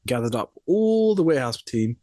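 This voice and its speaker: Speaking at a moderate pace with a medium pitch, this young man co-hosts a podcast, recorded at studio quality with no echo. He casually recounts a funny work story, acting out each character and imitating their voices in quotes.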